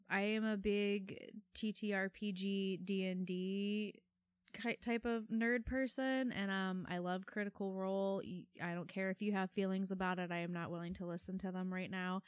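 A woman's voice: mid-range voice, clear, resonant tone, no room sound. Chatty woman co-host on a dry mic. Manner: chatty and rambling, lots of filler "like". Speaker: podcast co-host. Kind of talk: casual chat.

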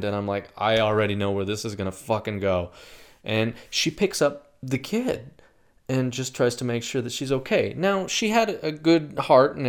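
A man in casual chat, telling a long story with lots of swearing and filler words. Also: medium pitch. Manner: profane, rambling storytelling.

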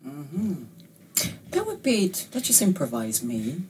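A woman's voice: low-pitched, big pitch swings, slow, darkish tone, a little hiss or hum. Sex: woman. Role: interviewer. Style: casual interview. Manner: laughing, stumbling over words.

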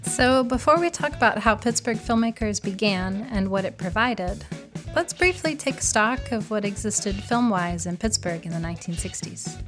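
A woman co-hosting a podcast, reading scripted narration in a clear, informative way. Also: medium pitch, animated, moderate pace, over music. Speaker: podcast co-host.

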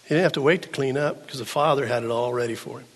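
An older man preaching a sermon as pastor, swinging from hushed, low passages to loud, pleading ones. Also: racing. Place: church sanctuary. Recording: long hall reverb.

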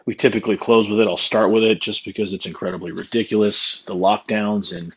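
A man's voice: on the low side, little pitch movement, a little fast, breathy edge, poor audio. A man giving a political opinion monologue, scornful and mocking as he rants. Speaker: political commentator.

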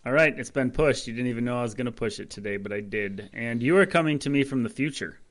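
A man's voice: mid-range voice, quick pace. A man co-hosting a running podcast in casual chat, joking and teasing his co-host.

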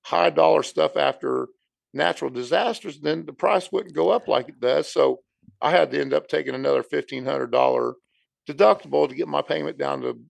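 A man with a heavily gravelly, creaky voice chats casually on a podcast. He rambles and keeps saying "dude," and the sound is dry and close. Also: a little high, a little fast, no echo. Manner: rambling, conversational, says "dude". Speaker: podcast co-host. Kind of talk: casual chat.

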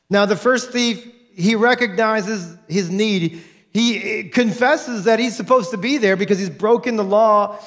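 A man preaching a sermon as a pastor, animated and acting out the people he quotes. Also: sits high. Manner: animated, acts out quoted voices in his preaching.

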